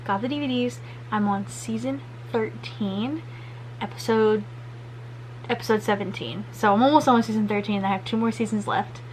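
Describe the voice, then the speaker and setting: Young woman, crochet vlogger, chatty and rambling, slightly high voice. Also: moderate pace, a little mellow, slight background noise, poor audio. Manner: chatty, rambling, upbeat asides. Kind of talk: casual crafting vlog chat.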